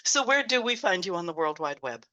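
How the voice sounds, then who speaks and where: Lively middle-aged woman hosting an interview. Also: fairly low pitch, a little fast. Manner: friendly, curious interviewer. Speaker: podcast host. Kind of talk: interview chat.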